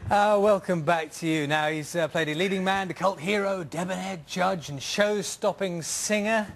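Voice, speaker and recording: A man's voice: high-pitched, normal speed, vocal fry, soft background music. A man presenting a breakfast TV studio interview with a light, teasing manner.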